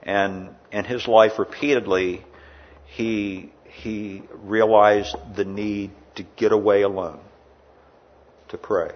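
A man preaching a sermon in a church, rising loud in the story and dropping quiet for asides. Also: on the low side, fairly even intonation, slow, lo-fi sound, a little hiss or hum. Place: indoor air-conditioned church.

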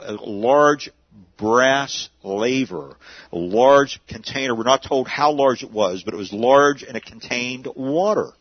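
Guy preaching a sermon, kinda husky voice, dry dull lo-fi sound, chatty q-and-a style. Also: mid-range voice, no room sound. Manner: conversational preaching, asks and answers his own questions. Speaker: pastor.

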